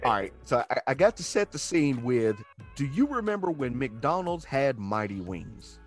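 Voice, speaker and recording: A man's voice: medium pitch, very animated, normal speed, faint music behind. A man telling a long, profane anecdote as a comedian guest on a podcast. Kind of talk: storytelling in a podcast chat.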